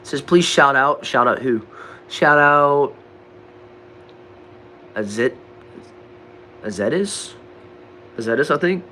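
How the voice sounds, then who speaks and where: A young man with a Southern accent from Texas, casually answering chat questions on a livestream in a relaxed, drawling way. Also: mid-range voice, slow pace, pauses often, slight background noise. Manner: laid-back, drawling, says bro and dude a lot. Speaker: livestream host reading chat. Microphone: desk microphone.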